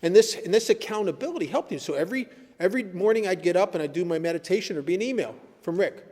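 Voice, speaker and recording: A man speaking at a recovery meeting, telling stories in an animated way and laughing at his own tales. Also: high-pitched, fast. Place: meeting hall. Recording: echoey hall recording.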